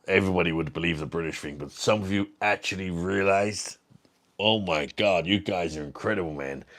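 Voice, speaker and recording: A man putting on an American accent, playing a hearty guy who keeps calling people "man". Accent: American, put on. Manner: lower and quieter, drawn-out, keeps saying "man".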